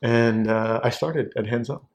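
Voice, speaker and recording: A man in his forties from Southern California, a wine sales executive, telling an anecdote as a guest and acting out the quoted voices. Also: a little slow. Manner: animated, acts out quoted voices with big pitch jumps. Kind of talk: casual anecdotal storytelling.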